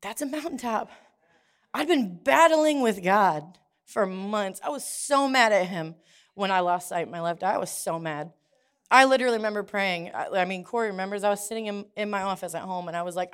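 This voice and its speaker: A woman's voice: medium pitch, brisk, smooth. A woman preaching a sermon, telling a personal story in a conversational way with frequent restarts.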